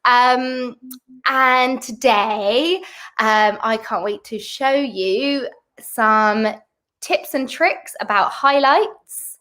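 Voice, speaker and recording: Brief: friendly British female hair tutor, bright higher voice, on a video call. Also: drawn-out words. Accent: British English. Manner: apologetic, bubbly, friendly. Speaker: guest hairdresser teacher. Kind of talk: live online masterclass. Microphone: video call from a salon.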